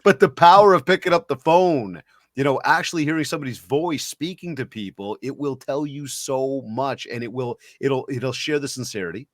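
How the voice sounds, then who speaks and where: A man hosting a podcast, asking rambling questions and telling stories in a lively, animated way. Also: medium pitch, moderate pace, dry recording, studio quality. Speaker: podcast host. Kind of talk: casual interview conversation.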